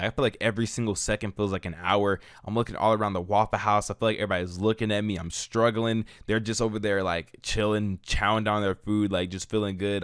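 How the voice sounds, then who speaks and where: A man's voice: sits low, no room sound, studio quality. A young man telling a rambling storytime vlog, filling his talk with "like" and "bro". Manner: rambling, filler-heavy, frequent "like" and "bro". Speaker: YouTuber.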